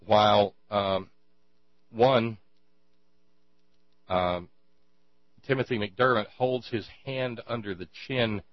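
A man with a low voice rants with indignation and dry sarcasm, stumbling over fillers as he pushes his argument. The sound is muffled and lo-fi, with a close, dead room. A steady electrical hum runs underneath. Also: no room sound. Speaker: commentator. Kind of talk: ranting monologue. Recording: dry, dull lo-fi with mains hum.

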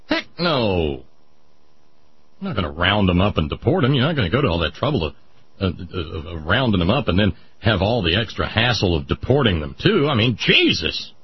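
A man hosting a radio talk show, animated, sarcastic and incredulous. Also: on the low side, slightly rough. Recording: muffled radio broadcast.

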